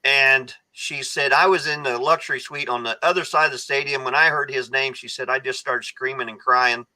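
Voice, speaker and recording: A man's voice: medium pitch, fairly even intonation, normal speed, sharp tone, low-quality recording. A man speaking as a guest on a podcast, an earnest storyteller who often restarts his sentences. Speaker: guest, foundation founder. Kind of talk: casual podcast conversation.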